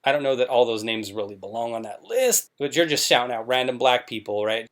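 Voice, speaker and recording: A man in his own sarcastic commentary voice, mid-pitched and scornful, mocking whoever he talks about. He speaks casually, with rhetorical questions thrown out to his viewers. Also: animated, brisk, few pauses. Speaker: commentary show host.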